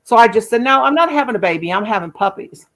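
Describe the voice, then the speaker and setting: Woman host in her fifties, folksy storyteller, relaxed chatty delivery. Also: a little high, fast talker. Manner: chatty, folksy, uses endearments like baby doll and sugar. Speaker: channel host. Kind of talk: casual storytelling on a livestream.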